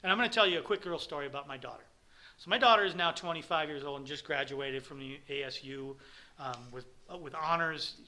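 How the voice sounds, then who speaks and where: A man's voice: a little high, fast talker, pushed and bright. A middle-aged man giving a candid, rambling personal testimony at a recovery meeting, speaking bluntly to a room of peers.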